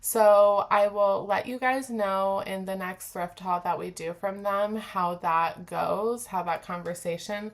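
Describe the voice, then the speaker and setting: A woman's voice: mid-range voice, fairly even intonation, a little slow, hardly any pauses. A woman hosting her own reselling vlog, chatting in a friendly, casual way straight to her viewers about her finds. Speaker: reseller vlogger, channel host. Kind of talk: casual haul vlog chat.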